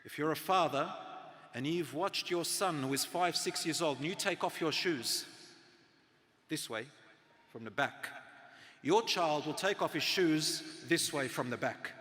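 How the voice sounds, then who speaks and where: A middle-aged man giving an earnest sermon, moving from loud emphasis to soft, hushed tones. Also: on the high side, a little slow, long reverb tail. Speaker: Islamic lecturer.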